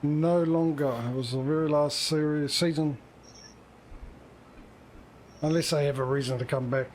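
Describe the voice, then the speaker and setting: A man's voice: a little high, steady tone, moderate pace, darkish tone, a little hiss or hum. A man streaming a game, chatting casually and joking at himself while he plays. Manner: chatty, self-mocking, talks to himself while playing. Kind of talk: casual gaming livestream chat.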